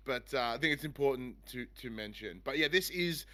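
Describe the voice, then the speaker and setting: A man's voice: medium pitch, lively intonation, brisk, pushed and bright. Rambling man hosting a podcast. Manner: rambling, enthusiastic. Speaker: podcast host. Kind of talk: casual review chat.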